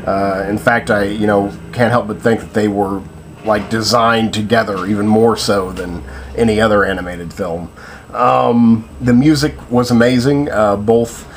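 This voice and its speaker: A man's voice: medium pitch, a little hiss or hum. A man giving a casual spoken film review, hesitant and full of fillers and restarts.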